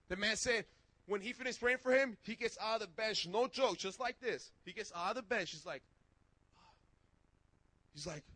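A man preaching a sermon and telling testimony stories in casual slang, getting excited and shouting as he goes. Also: high-pitched, moderate pace, no echo, poor audio. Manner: excitable, shouts when worked up; casual street slang, restarts.

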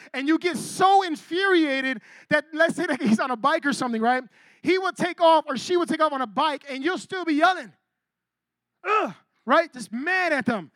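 High-pitched male pastor, casual sermon style, keeps checking in with the room, dry close sound. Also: a bit bright, no room sound. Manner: conversational, keeps asking "right?" and teases the congregation.

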